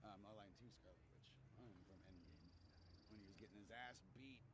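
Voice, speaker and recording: A man's voice: on the low side, brisk. A man live-streaming outdoors on a city street, rambling and swearing as he talks to his chat and people passing by. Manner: loose, profane, talks to chat and passers-by. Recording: loud street and traffic noise. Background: loud traffic and street noise.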